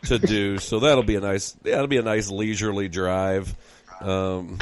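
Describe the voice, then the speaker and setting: A man's voice: lowish voice, fairly even intonation, unhurried, clean tone. A man hosting a podcast, talking in a folksy, upbeat and rambling way with many fillers. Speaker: podcast host. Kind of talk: casual podcast chat with ad reads.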